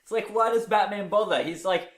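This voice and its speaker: A man chatting casually on a podcast, lively and full of "like". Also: sits high, fairly quick, echoey room. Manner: lively, chatty, uses lots of "like". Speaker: podcast co-host. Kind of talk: casual chat.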